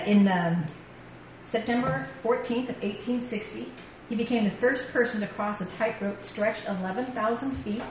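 A woman speaker giving a lively faith talk to a women's gathering from a stage mic, telling stories and laughing often. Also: mid-range voice. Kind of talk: sermon-style faith talk. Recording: echoey hall, faint background noise.

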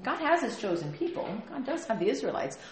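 A woman pastor preaching a lively sermon, often laughing and acting out the voices she quotes. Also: a little high, brisk, echoey room.

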